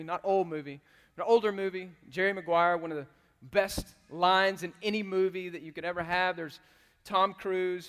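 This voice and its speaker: A man delivers a sermon in a high, bright-pitched voice, swinging between quiet asides and loud, animated bursts as he acts out the quotes. His voice rings through a church hall with a long trailing reverb. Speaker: pastor.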